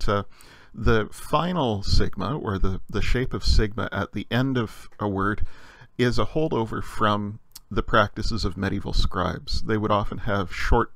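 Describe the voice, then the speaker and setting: A man teaching a recorded language lesson, explaining patiently with frequent pauses and fillers. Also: lowish voice, a bit bright, no echo.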